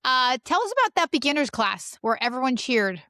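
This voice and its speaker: A woman's voice: sits high, sing-song, fairly quick, pushed and bright, dry recording, clean studio sound. A woman hosting a podcast, asking questions in a chatty, encouraging way and laughing easily. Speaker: podcast host. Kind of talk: casual interview chat.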